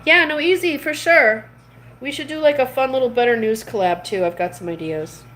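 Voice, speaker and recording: A woman's voice: high-pitched, moderate pace, a bit bright, slight background noise. A middle-aged woman chatting casually, telling a rambling story full of restarts and laughing between phrases. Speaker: streamer chatting with viewers. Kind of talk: casual chat.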